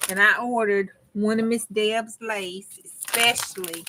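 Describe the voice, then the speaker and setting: A woman's voice: mid-range voice, steady tone, unhurried, heavy background noise. Chatty Southern country woman crafting. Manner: chatty, talks to viewers while working, drawls and chops words. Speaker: crafting channel host. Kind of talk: casual crafting vlog chat.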